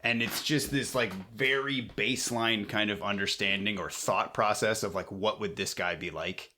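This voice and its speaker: A man's voice: on the low side, steady tone, moderate pace, sharp tone. A man co-hosting a casual film-review podcast, talking in rambling, offhand asides. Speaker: podcast co-host.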